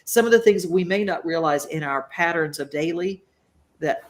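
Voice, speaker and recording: A woman's voice: lowish voice, normal speed. A woman hosting a talk show, speaking emphatically and reading viewer comments aloud. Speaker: host. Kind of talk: casual talk show chat.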